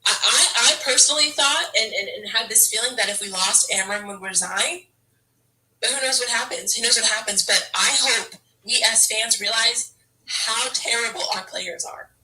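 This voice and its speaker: A woman's voice: fairly high pitch, moderate pace, sharp tone, distant mic, poor audio. A woman football fan ranting to camera in a frustrated, exasperated way, stammering and restarting her sentences. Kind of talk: emotional fan rant to camera.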